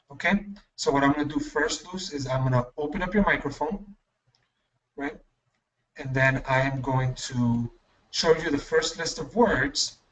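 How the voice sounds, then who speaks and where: A male English teacher running an online class, patient and encouraging, correcting pronunciation slowly. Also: on the high side, a bit bright, far from the mic, rough recording.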